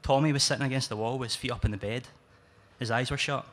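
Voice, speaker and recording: A man's voice: medium pitch, fairly even intonation, fast talker, a bit bright. Scottish man reading his story live. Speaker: writer reading his work. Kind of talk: live spoken-word reading.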